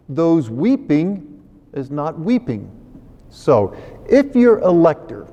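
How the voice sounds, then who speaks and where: A priest giving a conversational, unhurried reflection on a scripture reading, explaining it to his listeners. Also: on the high side, warm tone. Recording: long hall reverb.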